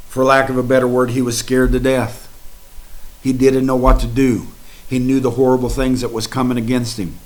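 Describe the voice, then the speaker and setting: A man preaching a sermon in a dramatic, folksy way, swinging from hushed to loud and speaking straight to his listeners. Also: medium pitch, low-quality recording.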